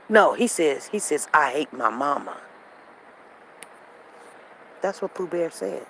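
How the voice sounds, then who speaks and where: A woman hosting a casual show, telling a family story in a repetitive, animated, conversational way while walking outdoors. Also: sits low, measured pace, long pauses, a little hiss or hum, rough recording. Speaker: show host. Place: walking outdoors near traffic.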